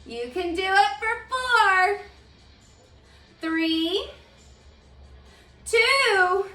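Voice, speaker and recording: High-voiced woman cueing a barre workout. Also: drawn-out words, bright, forceful tone, recorded from a distance, soft background music. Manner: upbeat cueing, counting down, chatty asides. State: slightly out of breath. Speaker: barre fitness instructor. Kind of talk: counting through a live workout class. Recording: roomy sound from away from the mic.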